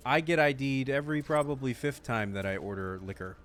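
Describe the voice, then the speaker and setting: A man's voice: medium pitch, expressive, fairly quick, a bit bright. A man chatting casually while gaming, telling a story in a matter-of-fact way. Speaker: gamer.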